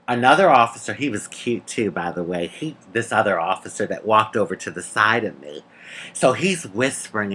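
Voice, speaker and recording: A woman telling a personal story in a casual, animated, sassy way, calling the listener honey and laughing between lines. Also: extremely low pitch. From United States. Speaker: vlogger.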